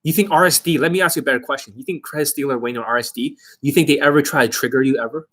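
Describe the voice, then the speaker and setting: Husky, profane male dating coach. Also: mid-range voice, rapid-fire, a bit bright. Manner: aggressive, profane, confrontational. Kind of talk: profane livestream rant.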